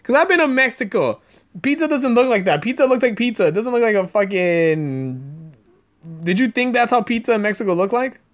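In a podcast room in the Los Angeles area, a young male host tells rambling, profanity-filled stories in casual chat. His voice is high-pitched and brisk, with big swings in pitch.

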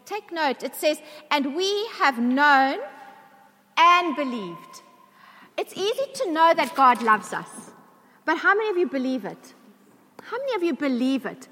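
A woman's voice: high voice, sing-song, moderate pace, a bit bright. A woman preacher giving a sermon to a church congregation, emphatic, asking the congregation questions. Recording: long reverb of a large hall.

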